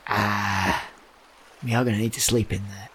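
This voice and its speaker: A man playing his character in a tabletop game, measured and wry. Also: on the low side, steady tone, a bit bright, a little hiss or hum. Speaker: player. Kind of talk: in-character tabletop role-play.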